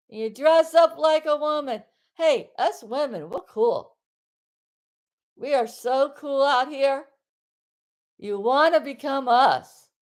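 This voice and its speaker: A woman from South Florida ranting loudly on a live stream from her bedroom, rambling and exasperated, with bursts of yelling. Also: high voice.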